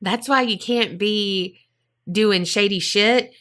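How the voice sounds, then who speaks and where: A woman's voice: medium pitch, slow pace, a bit bright. A woman co-hosting a podcast, chatting casually and reacting to a true-crime story. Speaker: podcast co-host. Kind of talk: casual chat.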